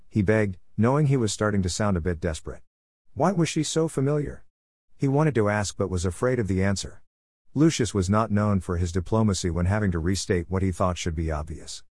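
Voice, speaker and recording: A man narrating a story chapter in an even, measured reading style on a close mic. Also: lowish voice, no room sound.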